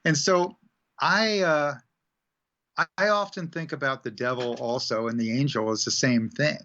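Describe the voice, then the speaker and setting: A man talking casually about spiritual lessons as a radio guest, animated and acting out quoted voices. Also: mid-range voice, a little slow. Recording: dull lo-fi sound.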